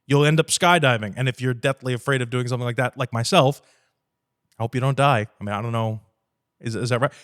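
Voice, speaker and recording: A man with a slightly high voice hosts a casual podcast. He talks bluntly and swears freely. He slips into quick impressions of clients as he makes his points. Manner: blunt, profane and animated, acting out client dialogue. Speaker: podcast host.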